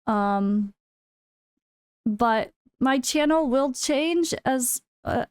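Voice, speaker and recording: An American woman with a fairly high, smooth, clear voice chats candidly to camera in a casual vlog. She speaks frankly and drops wry, sarcastic asides. The sound is dry and close, with no room echo. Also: animated, drawn-out words. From United States. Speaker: full-time gaming content creator. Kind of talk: casual chat.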